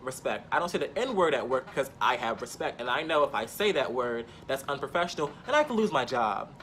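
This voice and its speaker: A man's voice: medium pitch, very animated, fairly quick, a bit bright, slight background noise. A man telling a personal story in an emphatic, impassioned way, repeating points for stress.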